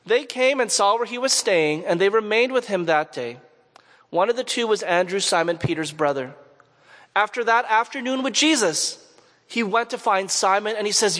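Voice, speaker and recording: A man's voice: sits high, moderate pace, fairly bright tone. A man from Montreal, preaching a sermon in a conversational storytelling way and asking his listeners questions. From Canada, Montreal. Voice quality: conversational, asks the audience questions. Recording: long hall reverb.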